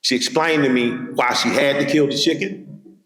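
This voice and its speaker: A man's voice: medium pitch, steady tone, normal speed, a bit bright. A middle-aged man with an Atlanta Southern accent, giving a keynote speech at a college with emphatic, rhythmic repetition and vivid personal storytelling. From Atlanta, Georgia. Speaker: keynote speaker. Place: large hall at a college. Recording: echoey hall with long reverb.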